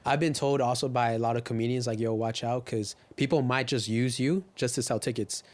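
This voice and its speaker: A man's voice: mid-range voice, a little fast, no room sound. A man from the Inland Empire in California, a podcast guest telling stories loosely in casual chat, full of slang and swearing.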